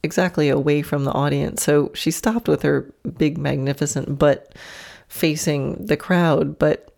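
A woman hosts her podcast with a low voice, telling a story in a relaxed, chatty way. Her tone has a gravelly fry, and she laughs often as she acts out her horse's imagined thoughts. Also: measured pace. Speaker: podcast host and horse trainer. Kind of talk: casual storytelling monologue.

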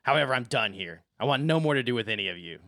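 A strong female barber, put on by a man running the game talks down to everyone in her shop. Her delivery is blunt and dismissive, with a bright, forceful tone. It sounds dry and close. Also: mid-range voice, lively intonation, fairly quick, no echo. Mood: curt.

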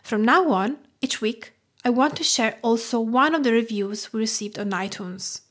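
A woman's voice: on the high side, moderate pace, fairly bright tone. A woman from Tuscany with an Italian accent, hosting her cooking podcast in a scripted, grateful tone. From Tuscany, Italy. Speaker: podcast host, food writer.

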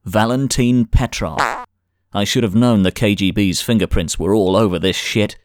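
A man's voice: lowish voice, moderate pace, a little mellow, dry recording, studio quality, natural voice. A man voicing a crude, aggressive mercenary who growls and swears. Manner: growling, profane.

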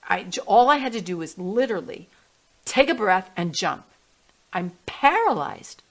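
Animated woman telling a personal story. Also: mid-range voice, normal speed. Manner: animated storyteller, acting out her inner voices. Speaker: guest, healing music artist. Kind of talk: storytelling in a podcast interview.

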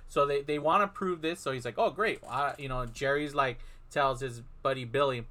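Bright-voiced man retelling a movie. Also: mid-range voice, moderate pace. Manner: animated retelling, acting out characters' lines. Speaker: podcast co-host. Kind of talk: casual film recap chat.

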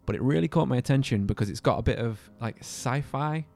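A man's voice: medium pitch, fairly quick, vocal fry, darkish tone. A man co-hosting a casual podcast, telling a story in a jokey, rambling way. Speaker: podcast co-host.

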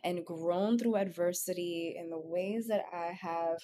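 A woman's voice: on the low side, unhurried, warm tone, a little hiss or hum. A woman in her thirties, co-hosting a podcast, talking in a heartfelt, emotional, rambling way with many fillers. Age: 30s. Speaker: podcast co-host. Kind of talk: casual chat.

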